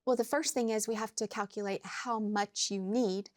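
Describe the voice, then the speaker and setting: A woman financial advisor on a talk show, explaining money matters in measured, plain steps. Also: medium pitch, steady tone.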